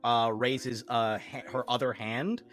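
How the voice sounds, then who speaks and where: A man's voice: medium pitch, steady tone, unhurried, fairly bright tone. A man running a tabletop game as game master, narrating casually with lots of hesitant uhs and likes.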